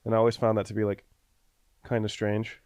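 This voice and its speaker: A man with a slightly low voice, chatting on a podcast. He teases bluntly and swears casually. The recording is dry and close. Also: completely flat delivery, brisk, a little mellow, smooth, no room sound. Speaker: podcast co-host. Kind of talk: casual chat.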